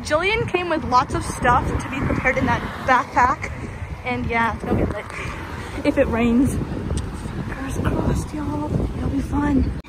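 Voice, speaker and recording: A woman's voice: high voice, a little slow, heavy background noise. A woman vlogging on a walk outdoors, talking to viewers in a playful, jokey way while filming on her phone. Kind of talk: casual vlog narration while walking. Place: outdoors on a walk by roads and woods.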